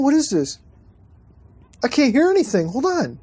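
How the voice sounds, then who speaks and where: Excitable, profane male commentary host. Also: very high voice, normal speed, slightly rough. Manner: excitable, profane, laughs often. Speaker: online video host. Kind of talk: screen-browsing commentary.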